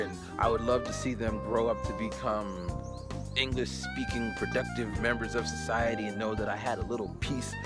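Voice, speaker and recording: Male vlogger in his forties, animated storyteller, outdoors, soft music under. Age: 40s. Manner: animated, acts out sounds and voices with big pitch jumps. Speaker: English teacher in Japan. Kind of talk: casual storytelling vlog.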